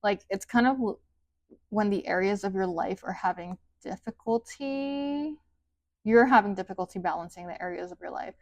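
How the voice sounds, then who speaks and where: This tarot reader has a mid-range voice and speaks at normal speed, recorded cleanly in a studio with no echo. Her casual reading wanders chattily, full of "like," with sentence endings that rise and fall in a sing-song way.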